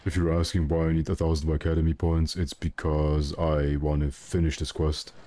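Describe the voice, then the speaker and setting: Deep-voiced rambling streamer guy. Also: level tone, normal speed, dark tone, a little hiss or hum. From Germany. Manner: rambling, jokey, self-correcting. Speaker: game streamer. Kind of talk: casual livestream chat.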